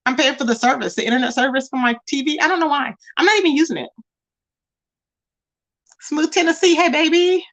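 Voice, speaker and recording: A woman's voice: high voice, a little fast, long pauses, a bit bright. A woman hosting a casual live stream, chatting with viewers and reading their comments, calling them baby and child.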